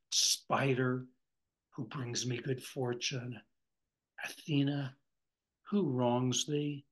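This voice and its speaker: A man leading a poetry workshop, reading lines aloud and then pausing to explain them. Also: mid-range voice, fairly bright tone, rough recording. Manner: reads lines slowly, then glosses them. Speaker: workshop facilitator.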